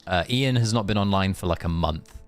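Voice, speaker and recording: A man's voice: low-pitched, brisk, faint music behind. A British man chatting casually on a live game stream, playful and musing aloud as he talks.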